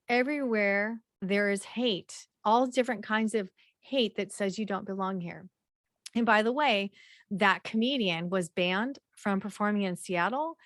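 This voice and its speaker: A woman leading a workshop from her slides, talking in a loose, conversational way. Her voice sits at a middle pitch. She fills pauses and clears her throat often, and the recording is dry and close, with no room sound. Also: no room sound. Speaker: workshop presenter.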